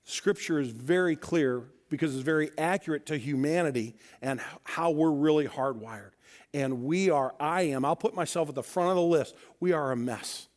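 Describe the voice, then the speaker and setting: A man from Missouri preaches a sermon in a fairly high voice. He makes emphatic points and acts out the dialogue of the people in his stories. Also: normal speed, a little mellow. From Missouri, USA. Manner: storytelling with acted-out dialogue, emphatic. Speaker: pastor.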